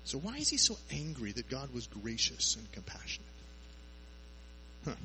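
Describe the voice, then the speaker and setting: A man's voice: mid-range voice, wildly swooping pitch, moderate pace, sharp tone, slight background noise, low-quality recording. A man preaching a sermon in a conversational way, asking his listeners rhetorical questions.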